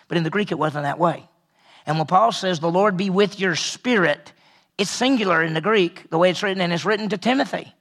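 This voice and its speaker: Man, pastor, conversational sermon, gravelly voice, earnest, repeats himself, drops quiet for emphasis. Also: on the high side. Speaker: pastor teaching a Bible study.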